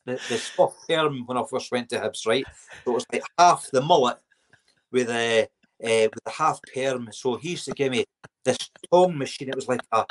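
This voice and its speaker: Giggly Scottish man telling stories. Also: medium pitch. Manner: giggly, animated anecdotes with put-on voices. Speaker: podcast guest, former footballer. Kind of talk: casual storytelling interview.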